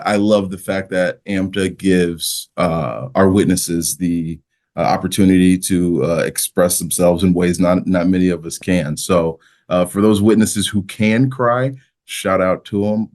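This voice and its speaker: A man's voice: sits low, darkish tone. A man, a mock trial coach, speaking as a podcast guest and giving earnest, practical coaching advice. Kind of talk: casual podcast interview.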